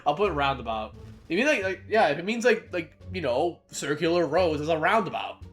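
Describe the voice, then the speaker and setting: A video creator in casual commentary, reading quiz questions aloud, thinking out loud, swearing casually and laughing between answers. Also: medium pitch, animated, fairly quick, soft background music.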